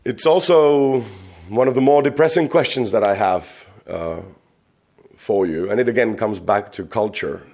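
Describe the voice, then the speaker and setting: A man's voice: lowish voice, unhurried, darkish tone. A man from the Czech Republic giving a conference talk, conversational, asking rhetorical questions and repeating words as he searches for them. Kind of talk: public talk. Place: conference venue.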